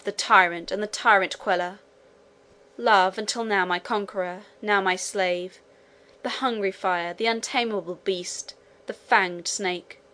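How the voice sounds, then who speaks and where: A woman's voice: medium pitch, fairly bright tone, lightly acted. Woman reading as a young nobleman, proud, ambitious, haughty, grandiloquent, audiobook. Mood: impassioned.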